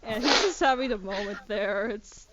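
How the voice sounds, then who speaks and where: A woman's voice: mid-range voice, normal speed, fairly bright tone. A woman narrating a tabletop game as game master, chatty and stammering, with a light giggle. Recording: muffled lo-fi recording with noisy hiss.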